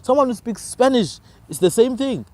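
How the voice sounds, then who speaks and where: Lively, emphatic man. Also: very high-pitched, moderate pace, dry recording. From South Africa. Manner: emphatic, preachy, rhetorical questions. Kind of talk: passionate conversational argument.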